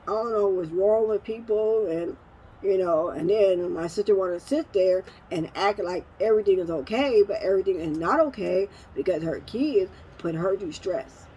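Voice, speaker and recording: A woman's voice: medium pitch, normal speed, mellow, breathy edge, poor audio. Woman telling an emotional, rambling story. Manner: rambling, emotional, with many fillers and self-corrections. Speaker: vlogger. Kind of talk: casual storytelling vlog.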